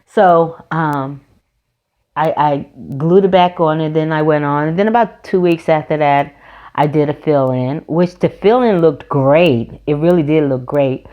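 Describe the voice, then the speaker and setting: In a muffled recording with background guitar music, a North Carolina woman speaks a little slowly in a low voice during her nail vlog. Her casual chat meanders through a story full of false starts and self-corrections.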